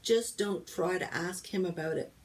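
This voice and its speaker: A woman, a librarian, reads a children's novel aloud, narrating lively in a boy's first person. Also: lowish voice, normal speed, recorded from a distance, low-quality recording. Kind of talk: storybook read-aloud.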